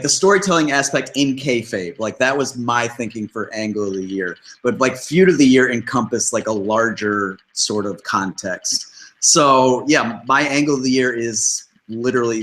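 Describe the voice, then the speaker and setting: A man's voice: medium pitch, sharp tone, low-quality recording. A man co-hosting a casual wrestling podcast, talking with many hesitations and fillers. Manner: hesitant, lots of "like" and "um". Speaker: podcast co-host.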